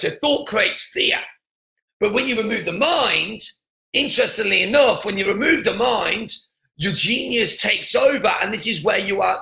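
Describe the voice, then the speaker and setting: High, bright-voiced man with a gravelly edge. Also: roomy sound, low-quality recording. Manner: earnest, repetitive, many restarts. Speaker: podcast host. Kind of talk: motivational podcast monologue.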